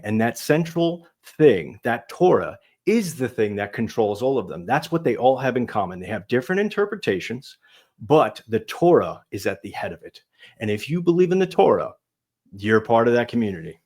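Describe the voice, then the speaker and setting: A man appearing as a guest on a talk show, arguing in an animated way and swinging between loud and soft. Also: medium pitch, normal speed. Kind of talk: casual talk show conversation.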